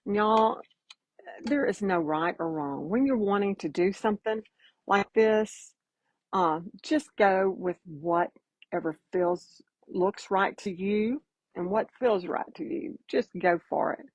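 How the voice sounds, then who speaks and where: A woman's voice: medium pitch, takes it slowly, no echo, lo-fi sound. A woman giving a casual live painting demo, chatty and folksy, greeting viewers by name as she works. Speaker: painting instructor.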